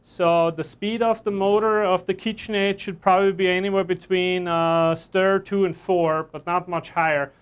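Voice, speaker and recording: A man with a fairly high voice talks through a live online cooking lesson from a kitchen. He is chatty and cracks jokes as he explains each step while he works. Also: steady tone, normal speed, few pauses, smooth. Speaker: chef instructor.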